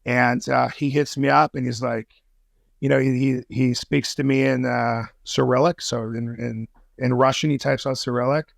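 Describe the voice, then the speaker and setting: A man's voice: medium pitch, little pitch movement, moderate pace, vocal fry, no room sound, studio quality. A man guesting on a podcast, telling a story in casual talk, swearing freely and using street slang.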